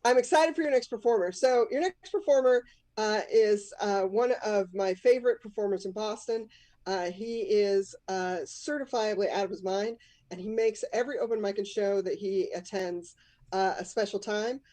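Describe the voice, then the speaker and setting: A woman's voice: medium pitch, moderate pace, dark tone, no room sound. A woman comic hosting a live storytelling show, telling a self-mocking story in a casual, rambling way. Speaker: comic and host.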